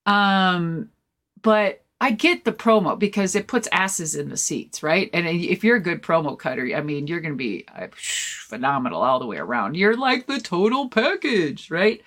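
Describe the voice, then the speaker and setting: A woman guest-hosting a podcast, telling stories in a rambling, animated way with lots of fillers and swearing. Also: lowish voice, moderate pace. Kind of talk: casual storytelling chat.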